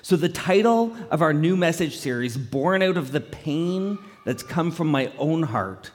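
A male pastor preaching a conversational, animated sermon, often acting out quotes in playful voices. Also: fairly high pitch, unhurried. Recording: long hall reverb.

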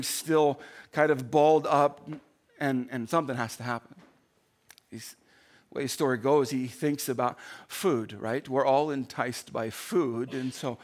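A male pastor telling a story in a sermon, swinging between loud bursts and hushed, slowed-down passages. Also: mid-range voice.

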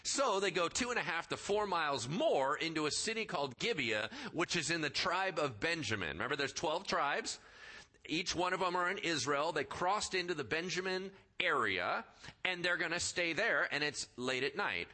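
Lively, bright-voiced male preacher. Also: fairly high pitch, normal speed. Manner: animated, conversational preaching with acted-out voices. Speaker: pastor. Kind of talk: sermon.

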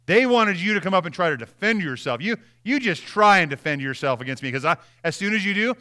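A young man preaching a sermon in a conversational way, dropping into soft, quiet voices when acting out apologies. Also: high-pitched, animated, fast, hardly any pauses. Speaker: pastor.

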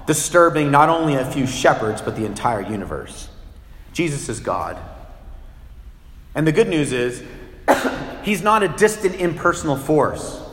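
A man preaching a sermon as a pastor, animated and acting out little scenes with shifting voices. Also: mid-range voice, reverberant, in a large hall.

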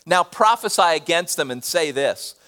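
A male pastor preaching a sermon, swinging from loud, emphatic bursts to hushed, almost whispered lines. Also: on the high side, animated, normal speed.

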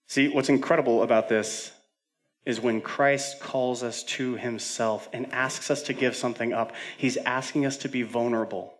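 A male pastor delivers a sermon at a middle pitch, swinging from loud, urgent declarations down to hushed, almost whispered lines. Between points he slips into casual asides with fillers and self-deprecating jokes, then drives the message home again. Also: steady tone, normal speed, soft background music. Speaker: senior pastor.

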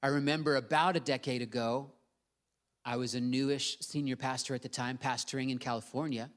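A middle-aged male pastor preaching a sermon in an earnest, emphatic way, slowing down to stress key words. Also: mid-range voice, fairly even intonation.

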